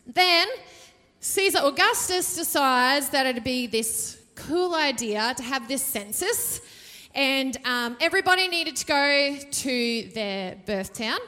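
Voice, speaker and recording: Woman pastor, jokey and conversational, high voice, reverberant hall sound. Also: expressive, slow, pushed and bright. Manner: chatty and jokey, asks the audience questions. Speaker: preacher. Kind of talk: sermon. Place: church stage.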